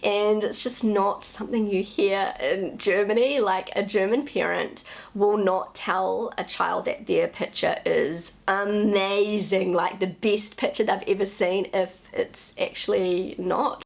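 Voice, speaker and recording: Vlogger, woman in her thirties, New Zealand accent, conversational with some vocal fry. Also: medium pitch. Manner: chatty, conversational, with relaxed asides. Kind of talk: casual vlog commentary.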